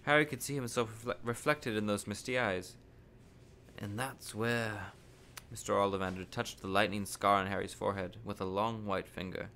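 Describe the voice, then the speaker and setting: A man hosting a podcast reads a children's novel aloud in his living room, telling it in a steady, unhurried way with small stumbles. His voice is fairly low, with slight background noise.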